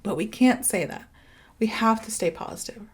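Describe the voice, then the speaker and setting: A podcast host and English teacher in her thirties from the United States speaks candidly and confidingly, sprinkling in lots of "like" and "you know." Her medium-pitched voice has a breathy edge and keeps a moderate pace.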